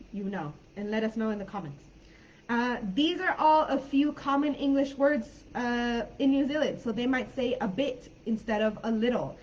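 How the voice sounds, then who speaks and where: A woman's voice: fairly high pitch, a little mellow, muffled recording, a little hiss or hum. Chatty Californian woman teaching online. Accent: American, Californian. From California, United States. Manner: chatty and informal, with many fillers. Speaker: English teacher. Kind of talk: live online class.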